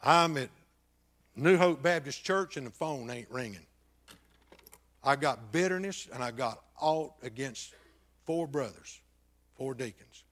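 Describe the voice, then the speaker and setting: An older pastor gives his personal testimony with an expressive, medium-pitched voice, moving a little slowly and leaving long pauses. His telling shifts between loud bursts and hushed moments that are nearly whispers.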